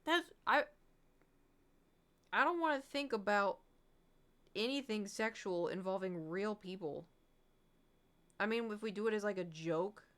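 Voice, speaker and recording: A woman's voice: medium pitch, unhurried, pauses often, fairly bright tone. A woman livestreamer in casual, rambling chat, candid and swearing freely with frequent laughs.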